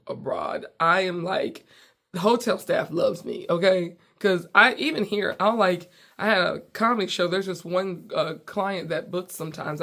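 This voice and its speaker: An animated woman from the US tells a comic story in a playful, casual way. Her voice has a gravelly edge, and she slips into the dialogue as she goes. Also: on the low side. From United States. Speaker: comedian and podcast host.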